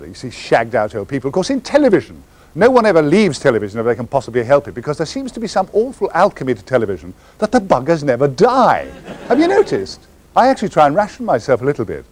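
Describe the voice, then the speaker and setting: A man's voice: medium pitch, a little mellow. An older Englishman, answering audience questions in a wry, theatrical and meandering storytelling manner. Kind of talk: anecdotal audience Q&A.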